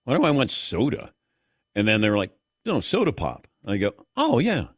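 Sports radio host guy from southern ohio, lively voice that swings up and down, dry close mic, keeps laughing. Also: fairly low pitch, normal speed, no echo. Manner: animated, laughs often, mimics voices. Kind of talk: casual chat.

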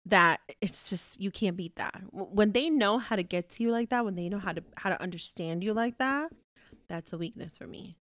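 A woman's voice: mid-range voice, normal speed, a bit bright, no echo. A young woman co-hosting a podcast, talking frankly and swearing freely in casual chat. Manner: frank, profane, laughing. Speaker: podcast co-host.

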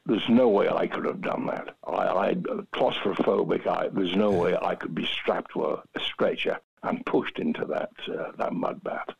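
An older man, a retired stuntman, telling anecdotes in a lively, rambling way with fillers. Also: sits low, normal speed, creaky, few pauses, breathy edge. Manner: lively, repeats himself, frequent fillers. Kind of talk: anecdotal storytelling. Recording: dull lo-fi recording.

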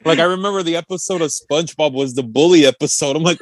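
A young man co-hosting a podcast, chatting casually in a halting way with many restarts. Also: on the high side, dry recording. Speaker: podcast co-host. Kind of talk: casual chat.

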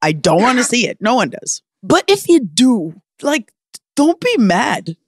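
A woman's voice: fairly high pitch, sing-song, unhurried, slightly rough, dry recording, clean studio sound. A woman co-hosting a podcast in casual chat, teasing and laughing a lot. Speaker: podcast co-host.

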